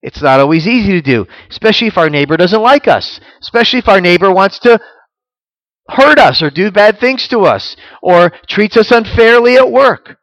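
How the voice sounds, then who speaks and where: A man delivers a sermon in an earnest, teaching voice that sits slightly high for a man. He reads scripture aloud and lifts his voice to stress key points. The sound is dry and close, with no room echo. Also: expressive, normal speed, fairly bright tone. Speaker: pastor.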